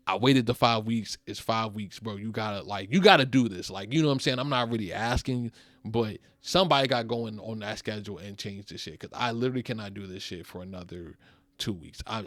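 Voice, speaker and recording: A young podcast host tells a story in a casual, animated monologue, venting with heavy slang and swearing and sounding worn out. His voice is lowish, and there's no room sound.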